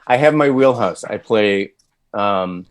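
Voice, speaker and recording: A man's voice: lowish voice, lively intonation, takes it slowly, clean tone. A man, a voice actor, chatting candidly and with self-deprecating humor as an interview guest. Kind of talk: casual interview chat.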